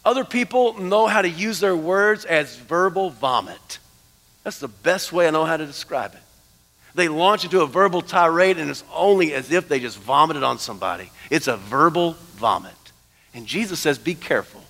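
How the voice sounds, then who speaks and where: A man preaching a sermon as pastor, animated, dropping to hushed tones for emphasis. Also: a little high, normal speed. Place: church sanctuary. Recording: long church hall reverb.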